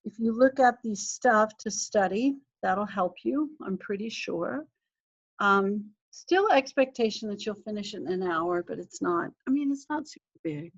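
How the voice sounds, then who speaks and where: A woman's voice: mid-range voice, lively intonation, measured pace. Woman instructor, casual lecture, talks to herself while hunting files, muffled lo-fi sound. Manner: chatty, self-interrupting, thinking aloud while clicking through files. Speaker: history instructor. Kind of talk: casual recorded class lecture.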